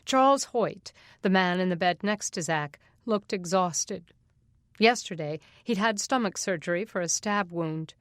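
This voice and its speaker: A woman narrating an audiobook in a steady, even reading voice on a close mic. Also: on the low side, measured pace, no room sound. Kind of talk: scripted narration.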